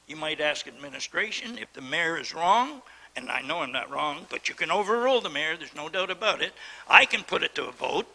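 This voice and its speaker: A man's voice: high-pitched, vocal fry, bright, forceful tone, low-quality recording. A middle-aged man chairing a town council meeting, worked up and indignant as he lectures the council from the chair. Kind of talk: heated council debate.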